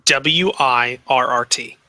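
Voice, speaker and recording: Man, game master, very bright tone, dry sound, casual talk, repeats himself. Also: medium pitch, takes it slowly, dry recording. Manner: repeats himself, restarts sentences. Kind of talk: casual tabletop game chat.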